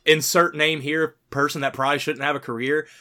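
Male podcast co-host, bright and forceful tone, heated and profane. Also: fairly high pitch, little pitch movement, brisk. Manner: heated, swearing rants. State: sick. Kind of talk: casual podcast chat.

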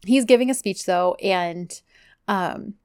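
A woman co-hosts a podcast in a smooth, mid-range voice at a slow pace. She recaps a TV show casually and animatedly, chatty and stuffed with filler "likes."

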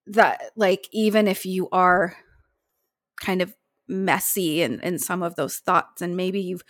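A young woman co-hosts a film podcast, speaking earnestly and emotionally with many "like"s. Her lowish voice has plenty of vocal fry, and it sounds dry and close to the mic. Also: no room sound. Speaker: podcast co-host. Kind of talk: casual film discussion.

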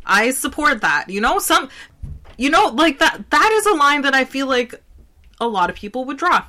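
A woman's voice: sits high, big pitch swings, moderate pace, sharp tone. A woman co-hosting a casual chat, blunt and emphatic with strong opinions.

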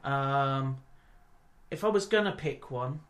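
A man co-hosting a casual podcast chat at a middling pitch. He rambles through his points with plenty of ums and restarts. His asides are dry and often sweary. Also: slow pace, a bit bright. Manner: rambling, hesitant with many ums, wry and sweary. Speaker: podcast co-host.

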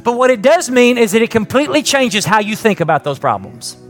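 Middle-aged pastor guy preaching, kinda high voice, chatty sermon w/ lots of questions, soft instrument playing under. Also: big pitch swings, a little fast, soft background music. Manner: conversational preaching with rhetorical questions; rising emphatic peaks then soft prayerful close. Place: church with live congregation and online stream.

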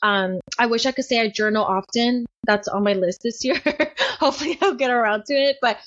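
A woman's voice: on the high side, a little fast, a bit bright. A young woman guest talking openly in a podcast interview, chatty with lots of restarts and fillers. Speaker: podcast guest, business owner. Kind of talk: candid interview storytelling. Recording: dull lo-fi sound.

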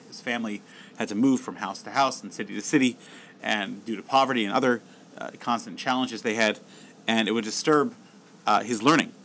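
Man telling a lively Torah story. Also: mid-range voice, slight background noise, rough recording. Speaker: Torah teacher. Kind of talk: storytelling lecture.

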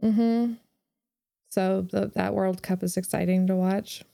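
Bubbly, teasing woman with vocal fry. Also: mid-range voice, fairly even intonation, slow pace, warm tone, no echo. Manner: bubbly, laughs often, playfully teasing. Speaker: podcast co-host. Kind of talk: casual chat.

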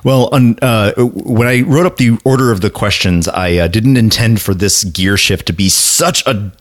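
A low-voiced man hosts a podcast in a loose, easygoing way. He talks casually and murmurs along while his guest speaks. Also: normal speed. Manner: easygoing, with frequent listening murmurs. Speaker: podcast host. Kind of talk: casual interview chat.

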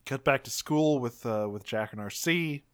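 A man co-hosting a podcast in relaxed casual chat, his voice bright and forceful. He recaps with easy laughs and acts out quotes. The tone is clear and crisp. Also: medium pitch, moderate pace. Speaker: podcast co-host.

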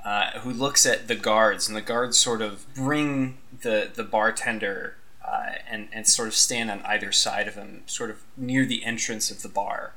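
A man's voice: lowish voice, fairly even intonation, a little slow, few pauses, pushed and bright. A man narrating a tabletop game as game master, rambling and hedging with lots of "sort of".

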